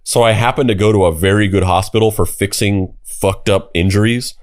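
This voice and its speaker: Brief: young male podcast co-host, low voice, casual rambling storyteller, swears freely. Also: steady tone, brisk. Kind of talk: casual chat.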